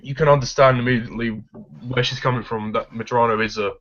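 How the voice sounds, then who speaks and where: A man's voice: medium pitch, fairly even intonation, fast talker, a bit bright. A man giving his blunt, opinionated take on a film in a casual discussion. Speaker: film reviewer. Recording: dull lo-fi recording.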